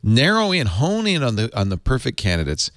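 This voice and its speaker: A middle-aged man hosting a tech podcast, chatting casually and reading an ad in an animated, rambling way. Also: mid-range voice, brisk, no room sound, studio quality. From Rhode Island. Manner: animated, rambling ad delivery with restarts. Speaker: podcast host. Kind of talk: casual tech podcast chat and live ad read.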